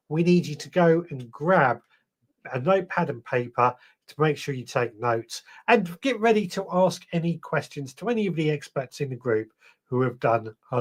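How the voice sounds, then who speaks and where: Chatty man hosting a live stream. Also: on the high side. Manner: chatty, greets viewers one by one. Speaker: podcast host. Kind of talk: live stream chat reading viewer comments.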